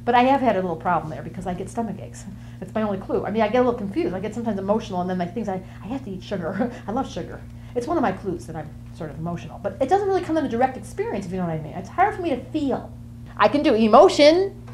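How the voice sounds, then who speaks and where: A woman's voice: mid-range voice, expressive, very fast, a little mellow, slight background noise, pitched below the performer's own voice, close to an everyday voice. A woman acting out a bubbly, quirky Gemini woman who jumps from topic to topic in a comic monologue. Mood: chatty. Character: chatty flighty Gemini woman, easily bored.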